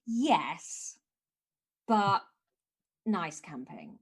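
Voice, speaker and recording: A woman's voice: lowish voice, big pitch swings, drawn-out words, slightly rough. A woman comedian chatting as a podcast guest, sardonic and mock-grumpy as she rants, laughing between lines. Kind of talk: casual podcast chat.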